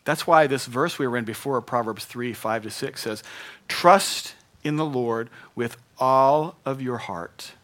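A middle-aged pastor with a bright, forceful voice, preaching in an earnest, conversational way. His delivery keeps rising into emphatic bursts. His voice sits at an ordinary male pitch. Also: measured pace. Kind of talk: sermon.

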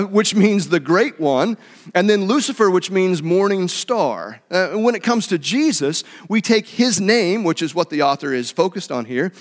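A man's voice: sits high, big-room sound. A man preaching a Bible study in a conversational teaching manner, with fillers and self-corrections. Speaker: pastor.

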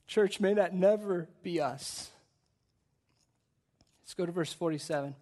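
A man preaching a sermon to a church service, in an energetic, conversational way with frequent repeated words. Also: sits high, measured pace. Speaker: guest pastor.

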